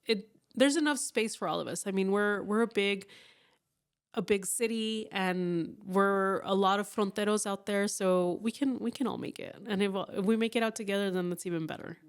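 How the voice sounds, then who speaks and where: A woman around forty, a business owner talking candidly in a casual interview and acting out her own thoughts in quick asides. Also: medium pitch, smooth. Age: about 40.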